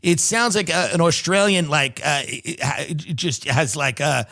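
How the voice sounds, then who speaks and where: A man's voice: a little high, expressive, normal speed, creaky, bright, forceful tone. A man hosting a comedy podcast, reading news aloud and breaking off for sarcastic jokes. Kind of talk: casual comedic commentary.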